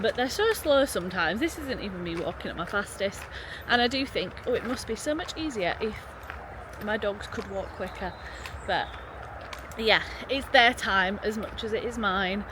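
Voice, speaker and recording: A fairly high-pitched young woman narrates her day for a vlog, chatty, upbeat, and self-deprecating, starting in her kitchen while cooking and moving outside for a walk. Background noise runs throughout, including loud kitchen sizzle and outdoor ambience in a roomy space.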